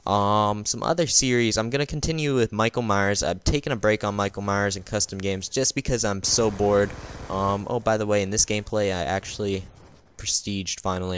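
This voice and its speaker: A tired man talking over his gameplay in a loose, rambling way, tripping over his words and reaching for ums. His voice sits on the low side and comes through smooth and clean. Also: a bit bright. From United States. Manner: rambling, full of ums and restarts. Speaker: gaming channel host. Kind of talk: casual gameplay voice-over commentary.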